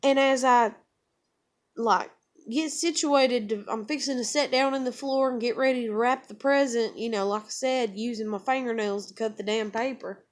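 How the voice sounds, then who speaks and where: A woman's voice: on the high side, normal speed. A woman with a drawl rambles through a personal story and swears freely. She acts out what everyone said in a casual, unscripted way. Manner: rambling, profane, acts out dialogue. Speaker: vlogger telling a personal story.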